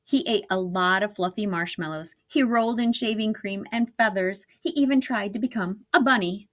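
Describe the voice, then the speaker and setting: A woman reading a storybook aloud to children, expressive and laughing along. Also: mid-range voice, moderate pace.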